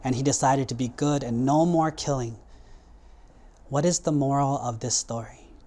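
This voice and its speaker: A man's voice: medium pitch, normal speed. A man, a Buddhist monk, telling a moral story in a sermon with plain, simple words. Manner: simple plain words, lively acted quotes.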